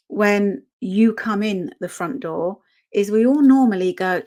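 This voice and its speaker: A woman's voice: mid-range voice, a little slow, a little mellow. Woman, dog trainer, runs a casual online workshop, keeps asking "okay?". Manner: conversational, checks in with "okay?" often.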